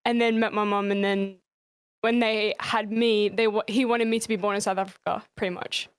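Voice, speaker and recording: A woman's voice: mid-range voice, level tone, moderate pace, clean tone, no echo. A young woman with an English accent, a streamer chatting loosely as a podcast guest, rambling and laughing between thoughts. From England. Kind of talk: casual chat.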